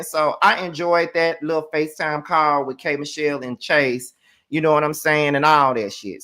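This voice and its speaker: A man hosting a live review of a reality show, talking bluntly and profanely in animated rants that climb to shrill exclamations when he gets worked up. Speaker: reality TV recap host.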